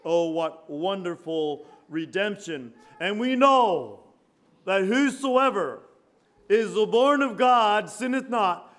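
A man preaching a fervent sermon, reading scripture and swinging from quiet murmurs to shouted praise. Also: sits high, lively intonation, takes it slowly. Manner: reads scripture in King James wording.

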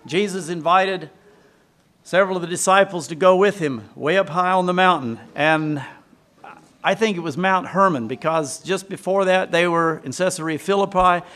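A man's voice: high-pitched, normal speed, a bit bright. A man preaching a sermon, retelling scripture as a story and asking the congregation questions.

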